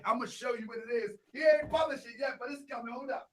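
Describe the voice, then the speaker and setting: A young man hosting a casual vlog, talking through a set of photos. He repeats himself a lot and grows louder and more animated as he gets worked up. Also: extremely high pitch, fast talker. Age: young adult. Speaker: Grand Sheik and channel host.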